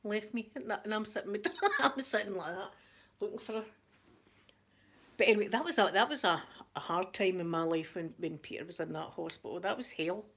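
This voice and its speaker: A middle-aged Scottish woman, hosting a live chat, telling a story in a chatty, animated way. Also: mid-range voice, fairly quick. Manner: chatty, animated retelling with laughter. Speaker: livestream host.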